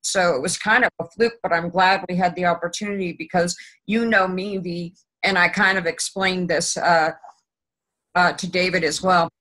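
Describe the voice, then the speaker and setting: Lower, bright-voiced woman host. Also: fairly even intonation, moderate pace, rough recording. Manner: hesitant, many fillers and restarts. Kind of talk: casual interview.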